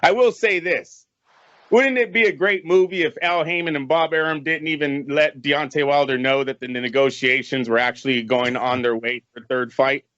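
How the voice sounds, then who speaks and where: Brief: male co-host, blunt and cursing, slightly raised pitch; dull call audio. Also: steady tone, moderate pace, fairly bright tone, no echo. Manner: blunt, emphatic, curses freely. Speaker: podcast co-host. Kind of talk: casual sports podcast chat.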